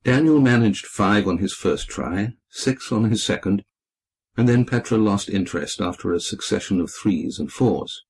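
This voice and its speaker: A man narrating a children's storybook in a measured, descriptive reading. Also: on the low side, lively intonation, darkish tone, breathy edge. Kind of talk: scripted narration.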